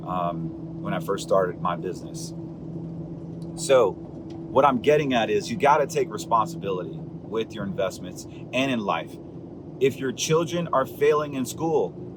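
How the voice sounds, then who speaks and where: A man's voice: fairly low pitch, background noise. A man hosting a candid monologue show, talking with fiery, preachy emphasis that rises as he presses his point. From Puerto Rican heritage. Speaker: podcast host, financial advisor.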